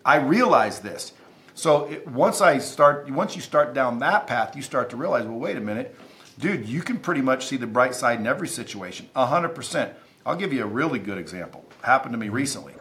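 Man, podcast guest, emphatic, intense, swears a lot, mid-pitched voice. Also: expressive, a little fast, fairly bright tone, slight background noise. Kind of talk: casual interview storytelling.

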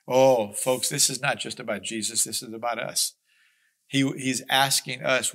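A man's voice: mid-range voice, steady tone, measured pace, fairly bright tone. A man teaching a Bible study, reading scripture aloud and explaining it in an earnest, emphatic, conversational way. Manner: conversational asides with small restarts.

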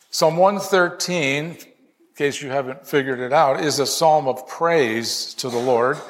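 A man preaching a sermon in a church sanctuary. His voice sits a little high for a man, and he keeps it conversational, with touches of light humor. A long hall reverb trails behind each phrase. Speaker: pastor.

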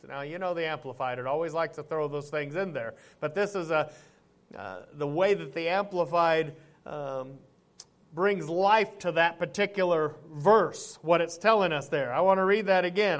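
A middle-aged man preaching a sermon as pastor, talking to the congregation in a conversational way and slowing down to read scripture aloud. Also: fairly high pitch, a bit bright.

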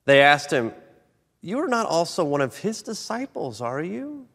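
A man preaching a sermon, animated, swinging between loud emphatic lines and soft low ones. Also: measured pace, gravelly. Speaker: pastor. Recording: long reverb of a large hall.

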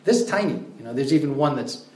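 A man's voice: a little high, lively intonation, fast talker, a little mellow. A man giving a conversational lecture on scripture, telling stories with frequent fillers. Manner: conversational, many fillers, storytelling. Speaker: religious lecturer. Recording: roomy echo.

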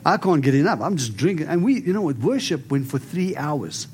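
A man preaching and praying over people in an animated, storytelling way. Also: a little high, brisk, breathy edge. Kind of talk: prophetic ministry preaching and prayer.

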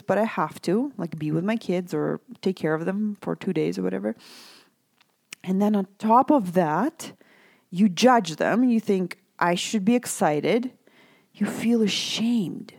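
A woman's voice: mid-range voice, darkish tone, dry recording. A woman life coach for mothers speaking in a coaching monologue, reassuring, often asking "right?" and "okay?".

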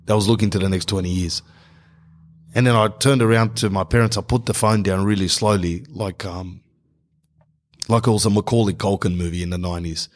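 Young Aussie comic storyteller, lowish voice, acts out each character. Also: male voice, brisk. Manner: animated, acts out characters in dialogue. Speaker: comedian.

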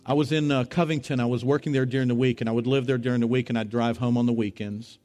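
A middle-aged man preaching as a pastor, telling a story with animated, rising voices for the people in it. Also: quick pace, faint music behind. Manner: animated, rising to high excited voices when retelling dialogue. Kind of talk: sermon storytelling.

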